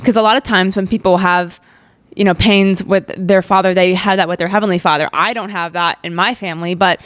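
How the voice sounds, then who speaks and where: A woman's voice: fairly low pitch, fairly even intonation, a little fast, no room sound. A young woman in her twenties hosting a podcast, telling a personal faith testimony in a candid, emotional way with lots of "like" fillers. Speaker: podcast host.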